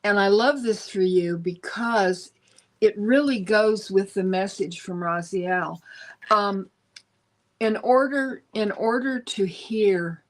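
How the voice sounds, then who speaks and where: A woman's voice: medium pitch, takes it slowly. A woman on a live stream giving intuitive spiritual guidance, searching for words with many restarts and ums. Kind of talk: casual spiritual guidance talk.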